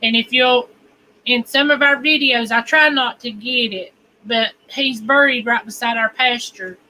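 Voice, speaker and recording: A woman co-hosts a casual homestead chat, drawling and laughing often. Her voice is high and bright, and she talks slowly. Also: slight background noise, low-quality recording. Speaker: co-host of a homestead channel.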